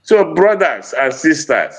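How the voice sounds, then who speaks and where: A man's voice: a little high, big pitch swings, takes it slowly, vocal fry. Fervent Nigerian man, Igbo accent. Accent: Nigerian Igbo English. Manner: fervent, mixes Igbo and English, repeats phrases. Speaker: activist speaker. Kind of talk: impassioned political speech.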